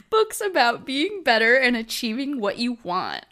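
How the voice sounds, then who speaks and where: A woman's voice: on the high side, sing-song, moderate pace, few pauses, fairly bright tone. A young woman vlogging casually in a close mic, giggly and self-mocking, often breaking into laughter. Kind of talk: casual reaction vlog.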